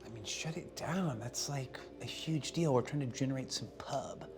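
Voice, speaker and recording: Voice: medium pitch, normal speed, lightly acted. A game master voicing a flustered young woman event manager who rambles, apologizes and talks in casual slang.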